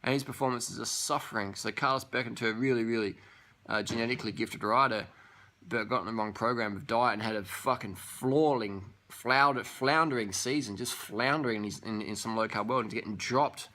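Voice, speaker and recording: Casting: young guy, bright forceful voice, profane scornful rant. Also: mid-range voice, brisk. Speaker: vlogger.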